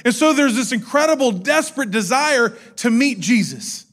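A man's voice: extremely high pitch, lively intonation, normal speed, fairly bright tone. A middle-aged man preaching a sermon, telling the story with energy and acting out the quotes. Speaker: pastor.

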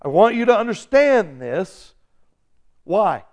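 A man preaching an animated sermon, acting out quick voices and shifting between loud bursts and quiet asides. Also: sits high. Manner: excitable, acts out voices, shouts and laughs. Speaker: pastor.

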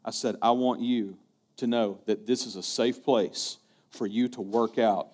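A man's voice: lowish voice, a little mellow. A male pastor preaching a sermon, telling a story earnestly and often repeating his words.

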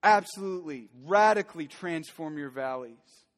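A man's voice: fairly high pitch, expressive, moderate pace. A man preaching a sermon as pastor, earnest and building to fervent emphasis. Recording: long church hall reverb.

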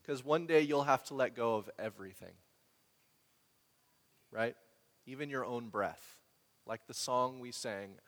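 Male pastor, conversational sermon, long reverb, middle pitch. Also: normal speed, long pauses. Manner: conversational storytelling, animated when quoting others.

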